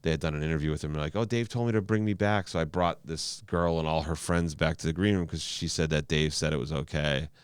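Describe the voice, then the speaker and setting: Male stand-up comic guest, very low voice, smooth and clean, dry close mic, rambling animated anecdotes with swearing. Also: fast talker, few pauses, dry recording. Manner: animated storyteller, stammering restarts, frequent swearing. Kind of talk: casual podcast storytelling.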